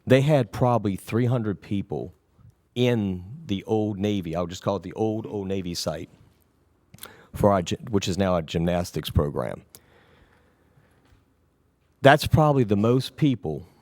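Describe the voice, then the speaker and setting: Low-voiced ailing man answering council. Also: lively intonation, a little slow, pauses often, no room sound. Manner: rambling, reassuring, trailing off quietly. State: recovering from an illness, weak voice. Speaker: city official answering the council. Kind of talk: council meeting response. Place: council chamber.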